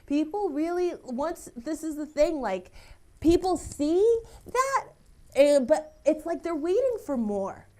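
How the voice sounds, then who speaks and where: A woman's voice: high voice, big pitch swings, slow pace, a little mellow. A young woman working as a psychic medium, relaying messages emotionally, laughing and close to tears. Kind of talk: live TV psychic reading.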